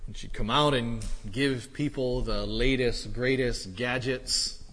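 A man of middle pitch preaching a sermon in a hall with a long, ringing reverb. He talks quietly and thoughtfully at times, then climbs into loud, excited storytelling for his congregation. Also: slow. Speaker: pastor.

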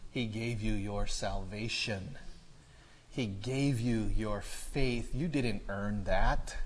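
A man of middle pitch preaching a sermon in a hall with a long, ringing reverb. He talks quietly and thoughtfully at times, then climbs into loud, excited storytelling for his congregation. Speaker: pastor.

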